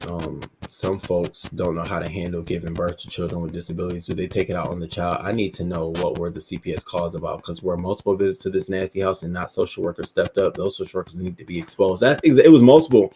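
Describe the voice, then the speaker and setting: Male host, low voice, heated and profane, reacting to news and viewer comments. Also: little pitch movement, fast talker, hardly any pauses, a little mellow, a little hiss or hum. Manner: emphatic, profane, heated outrage.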